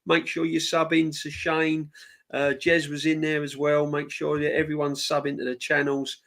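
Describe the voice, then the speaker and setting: A man's voice: a little high, completely flat delivery, moderate pace, creaky, a bit bright. A man hosts a casual live-stream chat and rambles on in a chatty way. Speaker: host. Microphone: remote streaming mic.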